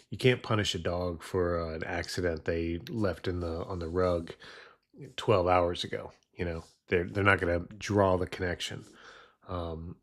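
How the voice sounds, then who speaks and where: A man trading futures live and talking through trading psychology in a casual, rambling way with many fillers. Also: low-pitched. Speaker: futures trader streaming live. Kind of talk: casual live-stream commentary.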